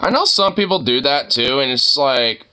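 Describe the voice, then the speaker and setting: A man's voice: medium pitch, lively intonation, moderate pace, bright, forceful tone, slight background noise. A man in a casual reaction vlog, rambling and slangy, cursing freely. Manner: rambling, slangy, swears a lot.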